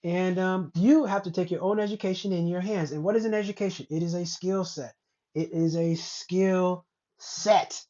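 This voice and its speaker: A woman's voice: on the low side, fairly even intonation, moderate pace, mellow. A woman hosting a casual commentary show, ranting in a blunt, rambling way with plenty of profanity. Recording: dull lo-fi recording.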